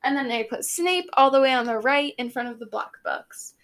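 At an ordinary speed, a young podcast co-host talks in a high-pitched, animated, slightly bright voice. Giggles and repeated restarts run through her casual, rambling chat.

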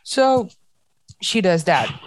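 A woman's voice: lowish voice, big pitch swings, takes it slowly. A woman co-hosting a casual book discussion, talking emotionally and often restarting as she reacts to the story. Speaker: podcast co-host.

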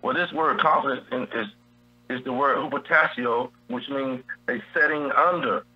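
A man's voice: medium pitch, normal speed, dull audio. A man teaching from the Bible in a preacherly style on a radio show, repeating his key phrases. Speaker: guest preacher.

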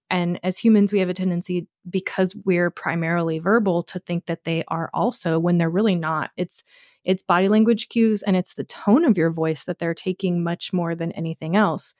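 A woman dog trainer chatting on a podcast, her voice a little low for a woman. She tells stories expressively in a dry, close studio sound. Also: normal speed, dry recording. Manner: expressive, storytelling with voiced puppy calls. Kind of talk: casual podcast chat.

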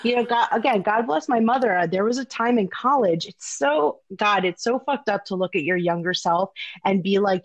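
A woman's voice: medium pitch, expressive, moderate pace, dry recording. A young woman chatting openly in a podcast-style conversation, her voice close and dry with little room sound. She talks candidly, drops casual swears and leans on fillers as she goes. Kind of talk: casual chat.

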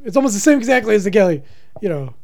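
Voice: medium pitch, very animated, rapid-fire, gravelly, a loud crowd. A podcast co-host riffing sarcastically in crude, profane banter.

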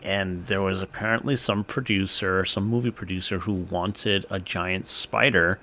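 Brief: male podcast co-host, low pitch, bright tone, curious and easygoing. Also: steady tone, moderate pace, slight background noise. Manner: curious, asks questions, retells stories. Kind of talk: casual podcast chat.

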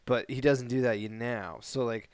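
A man co-hosting a podcast in casual chat, animated and laughing often, with rambling asides. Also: mid-range voice, moderate pace, clean tone, dry recording. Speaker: podcast co-host.

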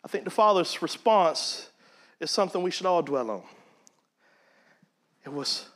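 A man's voice: high-pitched, lively intonation, a little slow, long pauses, fairly bright tone. A man teaching a Bible study in a conversational preaching manner. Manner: conversational, acts out quoted voices.

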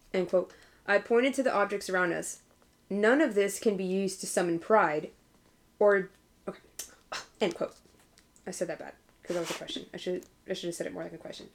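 A woman's voice: medium pitch, quick pace. A woman co-hosting a book podcast, chatting with enthusiasm, laughing easily and reading passages aloud. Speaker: podcast co-host. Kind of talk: casual book-club chat.

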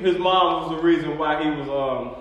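A man's voice: fairly high pitch, moderate pace, fairly bright tone. A man in casual, profane banter who laughs along with his co-host. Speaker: podcast co-host. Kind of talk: casual chat. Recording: echoey room with faint noise.

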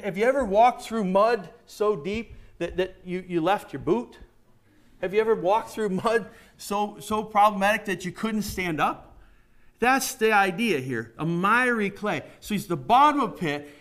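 Folksy preacher man, higher voice. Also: a bit bright. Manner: asks the congregation questions, emphatic, folksy. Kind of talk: conversational sermon.

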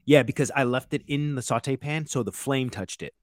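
A man in his thirties who works as a chef tells stories in a relaxed, rambling way. His talk is full of "like" and "you know," with some swearing. His voice sits at an ordinary pitch for a man and sounds dry and close to the mic. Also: normal speed, no echo. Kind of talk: casual storytelling chat.

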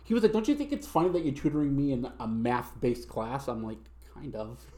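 A man's voice: mid-range voice, expressive, brisk, dark tone. A young man hosting a podcast, chatting casually with lots of swearing and restarts. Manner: rambling, swears, many restarts. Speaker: podcast host. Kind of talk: casual chat.

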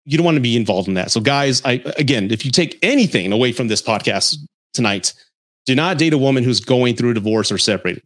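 A man hosting a podcast, telling a dating story in an animated, blunt way and swearing freely before giving advice. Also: mid-range voice, fast talker. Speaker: podcast host.

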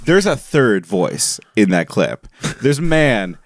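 A man co-hosting a casual podcast, teasing his co-host with lively restarts. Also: mid-range voice, slow pace, no room sound, clean studio sound. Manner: teasing, animated, hesitant restarts.

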